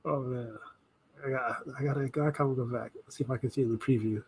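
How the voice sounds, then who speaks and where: A man's voice: mid-range voice, fairly even intonation, fast, a little mellow, breathy edge. A man hosting a casual reaction video, thinking aloud, rambling and correcting himself as he goes.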